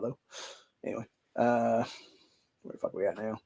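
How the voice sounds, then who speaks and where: A man's voice: mid-range voice, steady tone, normal speed, gravelly, pauses often, warm tone, husky. A man with an Ohio accent, hosting a show, reading news articles aloud and breaking into heated, profane rants. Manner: heated, profane ranting between stretches of reading. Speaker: podcast host.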